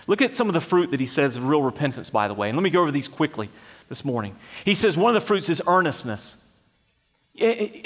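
A man's voice: high voice, a bit bright, big-room sound. A man preaching a sermon, earnest and emphatic, asking rhetorical questions of his congregation. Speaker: pastor.

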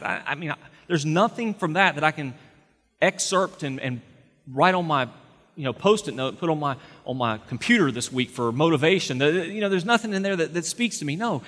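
A man's voice: fairly high pitch, a bit bright. A middle-aged man preaching a sermon as a pastor, speaking conversationally, repeating words as he goes and building to emphatic points. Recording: long hall reverb.

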